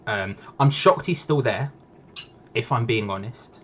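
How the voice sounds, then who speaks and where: Brief: young man, chatty stream co-host, mid pitch, light hiss behind. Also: expressive, a little slow, a bit bright. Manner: chatty, playful, repeats himself for effect. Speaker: co-host of a football fan watch-along. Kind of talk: casual live-stream chat.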